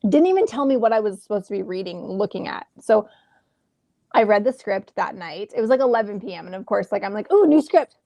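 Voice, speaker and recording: A woman in her thirties, an actress telling a lively story in a casual interview from home over a video call, acting out the exchanges she quotes. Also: medium pitch, a little fast, dry recording. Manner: animated, acts out quoted exchanges. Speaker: actress guest.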